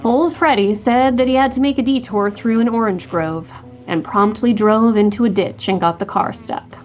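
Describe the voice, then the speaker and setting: A woman's voice: a little high, normal speed, faint music behind. A woman co-hosting a podcast, reading a true crime story from a script and voicing quotes from the people in it. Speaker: podcast co-host.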